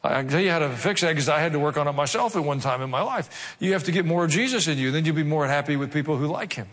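A man preaching from scripture in a fairly high voice, slipping into wry jokes and quick put-on voices between verses. His words ring out with a long reverb through a large church hall. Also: a bit bright. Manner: humorous asides with mock voices. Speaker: pastor. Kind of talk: sermon.

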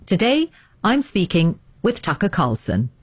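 A woman radio host interviewing a guest, asking measured, probing questions. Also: lowish voice, wildly swooping pitch, music in the background.

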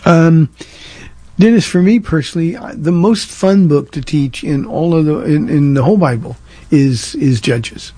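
A man's voice: a little high, a little slow, warm tone. A man who pastors a church, answering listener questions in a casual call-in format, earnest and conversational with frequent restarts. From Southern California. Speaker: pastor hosting a call-in radio show. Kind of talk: call-in Q&A talk.

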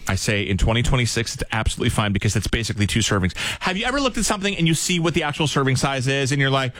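A man's voice: medium pitch, lively intonation, racing, fairly bright tone, no echo. A man co-hosting a morning radio show, chatting casually in a jokey, rambling way into a studio microphone.

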